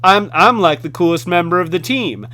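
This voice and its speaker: A man's voice: sits high, expressive, normal speed, pushed and bright. A man voicing a cocky male toy soldier who brags about being the coolest on his team. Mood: smug. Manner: swaggering, boastful.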